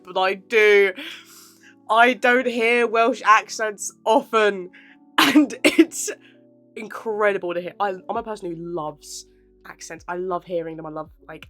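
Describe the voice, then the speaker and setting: This aspiring actor vlogger, a twenty-something Englishwoman with a Portsmouth-area Southern English accent, speaks in a lowish, slightly bright voice. She keeps the chat casual, giggling and poking fun at herself.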